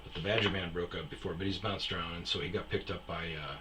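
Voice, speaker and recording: A man's voice: deep voice, steady tone, quick pace, heavy background noise. A tired man hosting a casual, rambling storytelling monologue, chuckling and acting out his friends' lines. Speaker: storyteller host.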